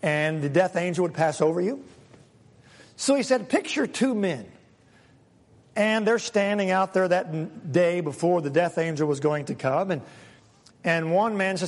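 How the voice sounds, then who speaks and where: A man preaching a sermon as pastor, dramatic, acting out quoted voices and swinging between loud and soft. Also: high voice, expressive, moderate pace, long reverb tail.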